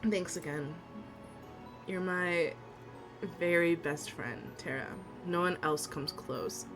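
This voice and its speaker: A woman voicing a shy, anxious young man from a game, speaking softly and quietly. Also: fairly low pitch, takes it slowly, over music. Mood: tender.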